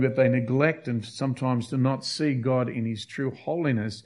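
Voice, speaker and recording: A man's voice: mid-range voice, normal speed, few pauses. A man preaching a sermon, emphatic and repetitive, hammering key phrases. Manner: emphatic, repeats key phrases, acts out quotes.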